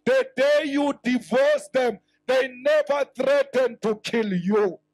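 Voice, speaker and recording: A South African politician giving an impassioned rally speech, rising to shouts and mixing in Sotho phrases. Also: male voice, very high-pitched, slow pace, no echo, low-quality recording.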